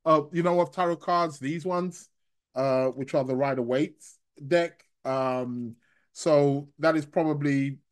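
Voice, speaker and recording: Speaking at a fairly high pitch, an astrologer and tarot reader hosts a live stream where he reads out viewers' comments. He rambles and hesitates, often restarting his sentences and chuckling.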